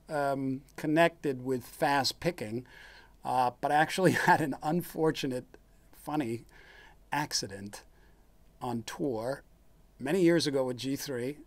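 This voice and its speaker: A man's voice: medium pitch, no echo. A man hosting his own live stream, casually explaining guitar technique in a rambling way full of fillers and restarts, demonstrating as he talks. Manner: rambling, relaxed, lots of fillers and restarts, chuckles. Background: guitar playing.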